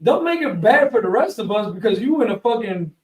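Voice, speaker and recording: A high-pitched man tells stories in an animated, profane rush. He sits back from the mic, and the room echoes around him. It sounds like a live webshow recap. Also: fairly quick, far from the mic. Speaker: show co-host.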